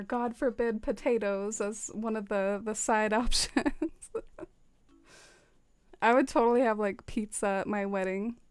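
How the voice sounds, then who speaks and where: A young woman streamer chatting casually with her viewers as she decorates, full of "like" and quick laughs. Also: a little high, smooth. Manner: chatty, many fillers, laughs often. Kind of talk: casual livestream chat with viewers.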